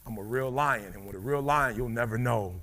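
Man preaching with shouted climaxes. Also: fairly quick. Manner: swings from low murmurs to shouted peaks; preacher-like call and response with the crowd. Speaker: motivational speaker. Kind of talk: live motivational speech.

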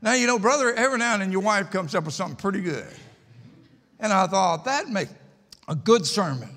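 An older male preacher delivers a sermon in a church, his voice sitting notably high. He tells stories in a homespun way and hammers points home through repetition. A long church reverb trails behind each phrase. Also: lively intonation, brisk, a bit bright. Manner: folksy storytelling, emphatic repetition. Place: church sanctuary.

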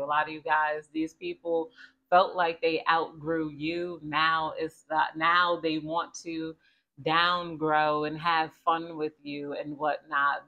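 A woman's voice: low-pitched, sharp tone, lo-fi sound. Chatty woman doing a tarot reading. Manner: chatty and conversational, repeats 'Spirit, please tell me more'. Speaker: tarot reader. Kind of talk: casual tarot reading to viewers.

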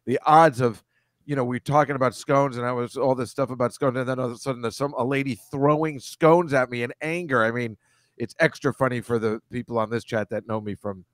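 A man's voice: medium pitch, brisk, dry recording. A middle-aged man, a comedian, chatting on a live stream video call. He laughs often and wanders through long anecdotes, and his sound is close and dry. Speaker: comedian guest. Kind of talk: casual chat on a live stream.

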